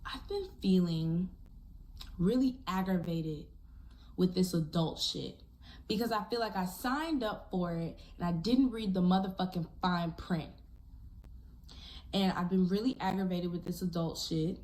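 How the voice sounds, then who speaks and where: A woman's voice: lowish voice, unhurried, a little mellow, slight background noise. A young woman, a recording artist, ranting in an exasperated, profane, rambling monologue.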